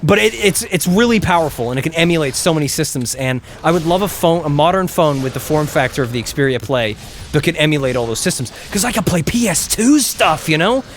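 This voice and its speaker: Brief: young man, game streamer, slightly high voice, loose rambling commentary with the odd curse. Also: animated, a little fast, a little hiss or hum. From England. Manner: rambling, chatty, swears when the game goes wrong. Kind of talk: casual gameplay commentary.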